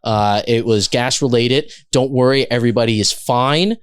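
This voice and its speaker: A man voicing a calm male restaurant manager who smoothly reassures a room of diners. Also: medium pitch, moderate pace, no echo, studio quality, lightly acted. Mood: reassuring. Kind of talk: podcast anecdote.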